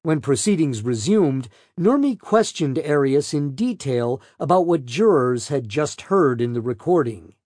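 A man's voice: a little high, expressive, measured pace, hardly any pauses, a little mellow, no echo, clean studio sound. A man narrating a true-crime audiobook in a plain, matter-of-fact reading.

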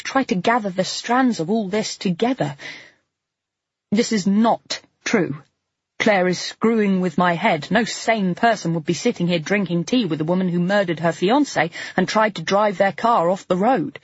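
A woman narrates a first-person audiobook in a husky, breathy, lowish voice, her delivery tense and intimate. The recording is dry and close, slightly dull at the top end.

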